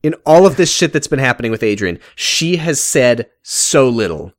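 A man co-hosting a podcast in a casual, sarcastic chat. His pitch swings widely as he talks and swears, and the sound is dry and close. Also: very animated, normal speed, no room sound. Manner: sarcastic, profane, reads quotes aloud. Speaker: podcast co-host.

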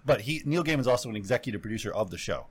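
A man's voice: on the low side, lively intonation, rapid-fire, breathy edge. A man talking casually about shows, rambling with many fillers and restarts. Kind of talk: casual chat.

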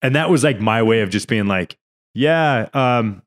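A young podcast co-host, his voice on the low side, expressive and a little fast, earnestly tells a rambling, emotional story. He restarts often and seems close to tears during the casual chat.

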